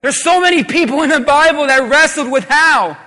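High, bright-voiced male preacher. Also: a little fast. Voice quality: emphatic, call-and-response preaching. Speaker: pastor. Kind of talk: sermon. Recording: long reverb of a large hall.

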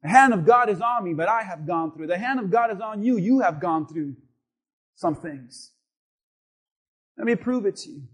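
A man preaching a sermon, impassioned and emphatic, moving between quiet asides and shouted lines and firing rhetorical questions at his congregation. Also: high-pitched, animated, moderate pace, pauses often.

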